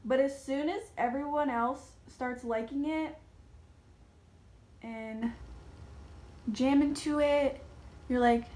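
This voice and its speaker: A young woman vlogging a casual rant, chatty and full of "like", slipping into animated quoted asides. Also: high voice, takes it slowly, long pauses, slight background noise.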